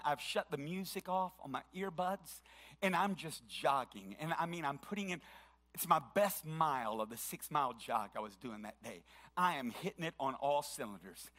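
Fervent, bright-voiced male preacher. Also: a little high. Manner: fervent, declaring scripture aloud, breaks into sung chants. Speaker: pastor. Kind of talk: sermon.

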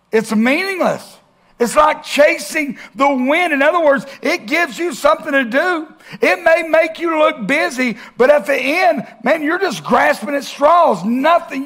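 A male pastor preaching a sermon, asking rhetorical questions and swinging between loud and hushed. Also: very high voice.

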